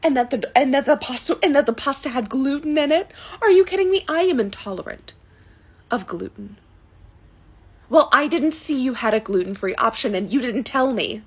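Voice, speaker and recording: An entitled middle-aged customer, played by a young woman, who demands everything in a high, swooping voice. She speaks indignantly, stumbling and restarting her sentences as she makes her complaints. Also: animated, normal speed, slightly rough.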